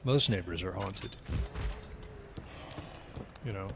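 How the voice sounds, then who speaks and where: A man's voice: deep voice, takes it slowly, creaky. A man streaming a video game, chatting casually and rambling into jokes, with frequent swearing. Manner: rambling, joking, profane. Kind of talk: casual gameplay commentary. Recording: live stream mic with very loud background noise.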